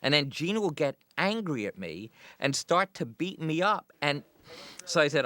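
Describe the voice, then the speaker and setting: A man's voice: on the high side, a little slow. Middle-aged man telling film anecdotes. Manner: relaxed anecdotal storytelling. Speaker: film director. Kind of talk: DVD commentary interview.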